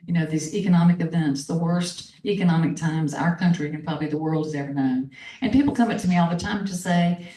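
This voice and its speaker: A woman's voice: on the low side, normal speed, mellow. An older woman with a North Carolina accent, an author talking about her novel and reading from it, thoughtful and full of fillers. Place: bookstore event space. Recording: echoey room, from far off.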